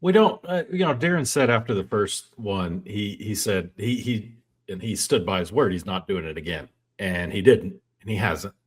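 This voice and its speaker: A man's voice: on the low side, expressive, normal speed, breathy edge. A man in his forties musing wryly and reflectively in casual podcast chat. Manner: wry, reflective, mildly teasing. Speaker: podcast co-host.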